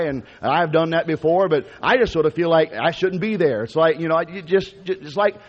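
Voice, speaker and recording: A man preaching a sermon, telling a story in a folksy, conversational way with frequent restarts. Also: a little high. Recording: lo-fi recording with long hall reverb.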